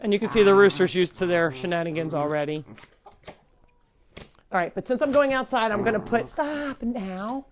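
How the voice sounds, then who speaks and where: A woman's voice: medium pitch, normal speed. A middle-aged woman hosting a casual live stream from her animal sanctuary at home, chatting and talking to her pets in a sing-song way. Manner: chatty, talks to animals in a baby voice.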